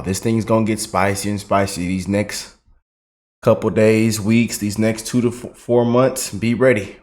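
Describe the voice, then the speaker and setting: A man's voice: lowish voice, darkish tone. A man hosting casual political commentary, folksy, laughing and calling his audience y'all. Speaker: commentary channel host.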